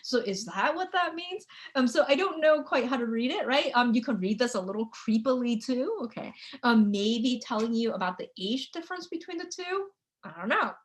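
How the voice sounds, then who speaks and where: A woman with a slightly high voice records a lecture for a video lesson. She thinks aloud as she goes, padding her sentences with "um" and ending many of them with a questioning "right?". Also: expressive, moderate pace. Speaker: teacher.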